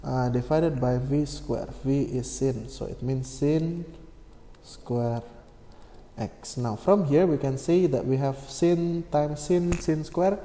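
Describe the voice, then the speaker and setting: A man explaining a maths problem step by step, slow and methodical, with many fillers and self-corrections. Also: mid-range voice, mellow. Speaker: maths tutor. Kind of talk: screen-recorded maths lesson. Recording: echoey room with long reverb, faint hum.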